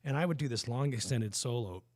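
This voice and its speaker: A man's voice: mid-range voice, a little fast, darkish tone, no room sound. Man rambling through stories, dry studio sound. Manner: rambling, storytelling, frequent restarts. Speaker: co-host. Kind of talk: casual chat.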